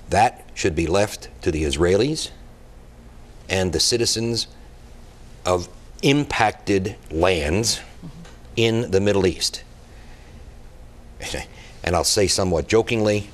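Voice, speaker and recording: A man's voice: on the low side, lively intonation, slow, pauses often. A man speaking as a guest expert on a TV talk show, giving blunt, emphatic and impassioned answers.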